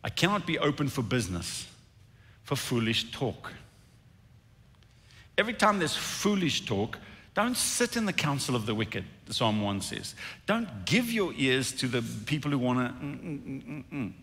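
A man preaching a sermon, his pitch rising and falling in wide swings. He moves between animated delivery and low, intense stretches, and the sound carries a long reverb from a large church auditorium. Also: a little slow. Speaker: pastor.

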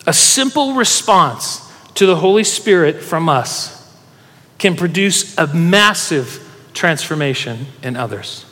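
A man with a high voice preaches in a large church hall, and a long reverb trails after his words. He tells stories with energy and urges the congregation to join in. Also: slow pace. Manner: animated storytelling preacher, urging the congregation. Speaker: pastor. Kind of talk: sermon.

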